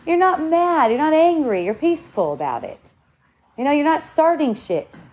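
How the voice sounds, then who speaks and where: A woman speaks in a fairly high, bright voice. She gives spiritual advice in an earnest, preachy way, loose and casual, with a curse word here and there. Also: big pitch swings, normal speed. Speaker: spiritual talk host.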